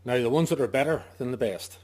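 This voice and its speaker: A man's voice: mid-range voice, animated, fast talker, a little mellow, a little hiss or hum. A man, a sheep farmer, giving an informal talk to fellow farmers, stressing his points and asking himself questions, with the odd joke. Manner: emphatic, asks himself questions and answers them; jokey asides. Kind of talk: informal talk to a farming audience.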